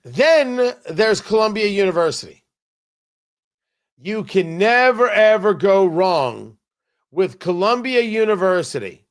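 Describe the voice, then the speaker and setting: A man hosts a political commentary show, giving a combative, sarcastic opinion monologue and repeating points for emphasis. His voice sits high and sounds animated, though he speaks slowly.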